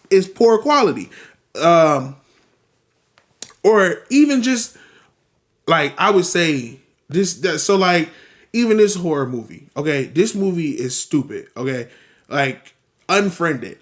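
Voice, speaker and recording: A man hosting a solo podcast, ranting casually and animatedly, swearing often and repeating himself. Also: on the high side. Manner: animated, profane, repeats himself, acts out quotes. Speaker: podcast host.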